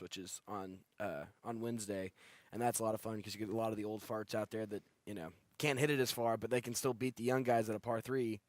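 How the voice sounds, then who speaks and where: A man's voice: medium pitch, no echo. Matter-of-fact male radio guest. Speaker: studio guest. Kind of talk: casual radio conversation.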